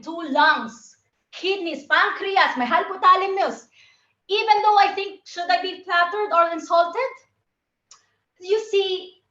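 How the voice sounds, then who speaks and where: A woman's voice: high voice, a bit bright, reverberant, highs cut off. A woman from the Philippines giving a playful, theatrical tall-tale speech over a video call. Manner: playful, theatrical, acts out phone calls. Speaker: contest speaker.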